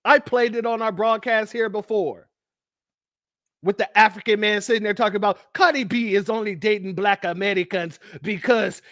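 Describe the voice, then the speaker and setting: A man's voice: high-pitched, bright, forceful tone, dry recording, clean studio sound. A man hosting a livestream, giving heated commentary and counting off his points one by one in a combative way. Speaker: livestream host.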